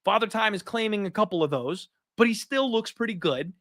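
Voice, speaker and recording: A man's voice: sits high, a little fast, dry recording, clean studio sound. A man co-hosting a live stream, giving blunt, opinionated fight picks in casual chat. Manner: blunt, opinionated, animated with mock voices. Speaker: co-host, fight picks analyst.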